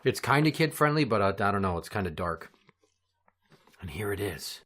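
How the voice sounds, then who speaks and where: A man hosting a mock children's show, gruff and deadpan with blunt profanity, reading out his own storybook. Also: on the low side, normal speed. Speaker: podcast host.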